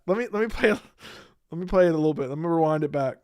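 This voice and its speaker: A casual livestream features a man with a fairly high, somewhat mellow voice speaking quickly. He addresses chat and rants with plenty of swearing and indignation.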